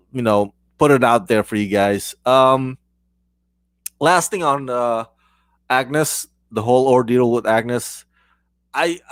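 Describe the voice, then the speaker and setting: This man runs his own channel and rambles animatedly through a review of a TV episode, full of restarts and sudden laughter. He has a mid-range voice, recorded dry.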